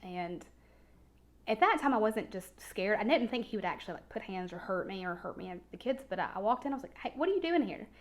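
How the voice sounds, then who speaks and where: A woman telling a personal story as a podcast guest, often halting and repeating words as she goes. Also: medium pitch, animated.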